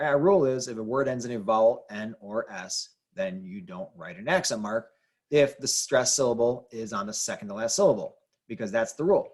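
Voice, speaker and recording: A man teaching a lesson, explaining rules patiently and repeating key points. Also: medium pitch. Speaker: Spanish teacher. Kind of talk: classroom explanation.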